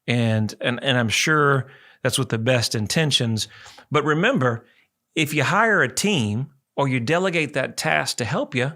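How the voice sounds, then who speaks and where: Chatty, bright-voiced male radio host. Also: medium pitch, animated, a little slow. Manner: rambling, chatty, folksy. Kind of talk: casual radio talk.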